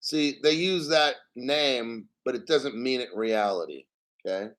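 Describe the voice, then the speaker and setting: A man's voice: medium pitch, measured pace, fairly bright tone. Profane ranting male crypto host. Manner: blunt, profane, ranting, frequent throat clearing. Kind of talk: ranting commentary reading articles.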